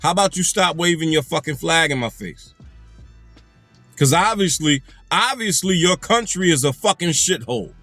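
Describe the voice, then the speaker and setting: A man's voice: fairly high pitch, animated, moderate pace, fairly bright tone, no room sound, soft background music. A man delivering an angry, profane commentary rant, hammering his points with repetition. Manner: angry, emphatic, heavy profanity, repeats phrases for emphasis. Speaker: commentary channel host.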